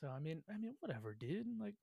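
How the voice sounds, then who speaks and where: A young man in casual chat with a friend, relaxed, often chiming in with short replies. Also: a little high, fast, gravelly.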